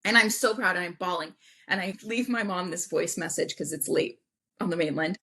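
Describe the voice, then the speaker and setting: A woman guest on a podcast, telling a personal story in an animated way and acting out the voices of people she quotes. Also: fairly low pitch, normal speed, slightly rough. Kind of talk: casual storytelling interview.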